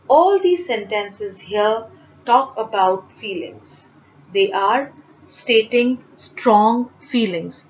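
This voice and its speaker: Slow, careful woman teaching grammar. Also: on the high side, expressive, lo-fi sound, slight background noise. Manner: slow, careful, clearly enunciated reading of example sentences. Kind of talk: grammar lesson for children.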